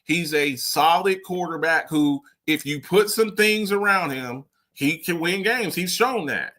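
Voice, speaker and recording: Animated, bright-voiced man arguing sports. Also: fairly high pitch, measured pace. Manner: animated, emphatic, repeats himself. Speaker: show regular. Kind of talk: heated sports talk.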